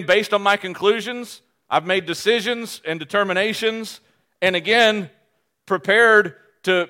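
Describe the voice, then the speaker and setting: A male pastor preaching a sermon, animated and joking at his own expense, often restarting his phrases. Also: high voice. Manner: animated, joking, self-deprecating, with quick restarts.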